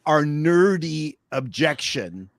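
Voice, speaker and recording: A man on a live panel chat, speaking at an average pitch with a dry, close sound. He stammers and repeats words as he pushes his opinions. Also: sing-song, slow pace, gravelly, no room sound.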